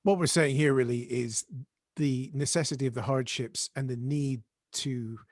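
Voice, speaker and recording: A man's voice: medium pitch, steady tone, moderate pace, no echo, studio quality. A man hosting a podcast interview, thoughtfully summing up his guest's points. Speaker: podcast host. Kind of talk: conversational interview.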